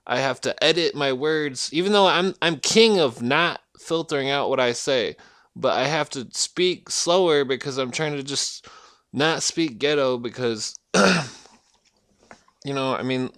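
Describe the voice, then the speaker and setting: A man's voice: medium pitch, measured pace, a bit bright, dry recording. Guy ranting at home, swears every other word, keeps losing his train of thought, dry close mic. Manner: swears constantly, trails off and restarts. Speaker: vlogger ranting to camera. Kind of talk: rambling profane rant.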